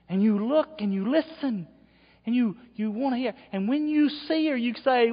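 A man preaching a sermon, dropping to quiet asides and then rising to loud shouts. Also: very high-pitched, moderate pace. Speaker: pastor. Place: church sanctuary. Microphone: wearable mic. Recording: dull, long hall reverb.

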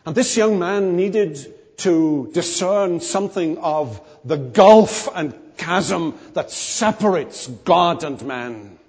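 A man preaching a sermon, emphatic and animated, his emphasis rising and falling. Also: fairly high pitch, takes it slowly, hardly any pauses, breathy edge. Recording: long hall reverb.

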